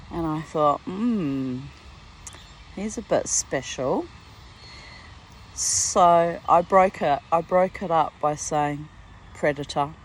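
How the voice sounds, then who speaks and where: On a rough recording with a faint hiss or hum, a woman in her sixties from Australia speaks in a lowish voice. As a vlogger at home by a garden, she delivers a casual, wandering story about her own life, sprinkled with laughter and side comments.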